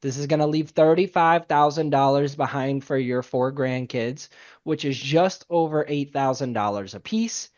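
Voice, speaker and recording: A man coaching a room of salespeople with animated energy. He repeats his key points and acts out both sides of client calls. The recording sounds a little muffled and lo-fi. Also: on the high side. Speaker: sales trainer. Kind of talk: sales training talk.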